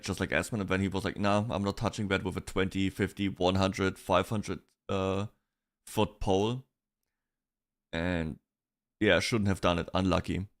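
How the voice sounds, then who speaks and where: A man streaming, chatting casually about online drama in a rambling way, with restarts and bursts of laughter. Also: on the low side.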